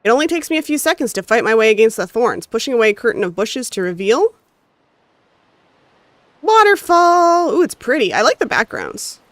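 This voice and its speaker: A woman's voice: on the high side, sing-song, fast talker, hardly any pauses, dry recording. A woman with a North American accent streaming a game, reading its story text aloud with expression and breaking off into casual asides to chat. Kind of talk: reading a visual novel aloud while chatting with stream chat.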